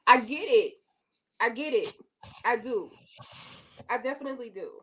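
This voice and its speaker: A woman co-hosting a casual podcast chat, animated and emphatic, often repeating herself. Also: a little high, moderate pace, breathy edge, poor audio. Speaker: podcast co-host.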